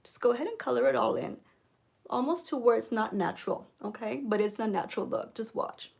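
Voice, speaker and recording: A woman giving a mock makeup tutorial, coaxing viewers with deadpan ironic influencer patter and frequent "okay?"s. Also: fairly high pitch, brisk, creaky. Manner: coaxing, keeps repeating "okay?". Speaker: beauty vlogger.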